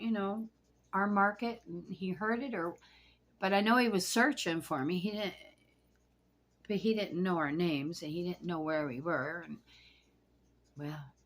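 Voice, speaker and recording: A woman with a low, husky voice tells a personal story to camera. She rambles and halts, dropping into hushed asides, and sounds shaken and anxious throughout. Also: measured pace, pauses often. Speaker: vlogger telling a personal story.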